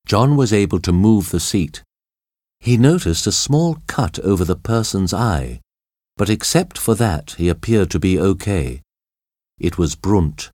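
A man narrating a storybook in a measured, expressive way. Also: deep voice, no echo, clean studio sound.

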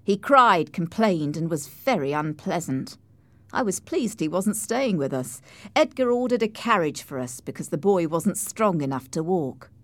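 A woman narrating an audiobook in a clear, measured storytelling manner, close to the mic. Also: lowish voice, animated, no echo.

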